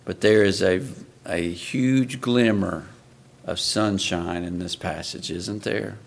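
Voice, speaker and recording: A man's voice: deep voice, takes it slowly, creaky. A man preaching a sermon in an earnest way, often asking his listeners rhetorical questions.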